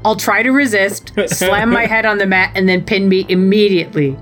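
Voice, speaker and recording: A woman's voice: mid-range voice, fairly even intonation, normal speed, fairly bright tone, soft background music, natural voice. Woman voicing a haughty villain wrestler, scornful, bossy, close to her own voice. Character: pompous arrogant male villain wrestler.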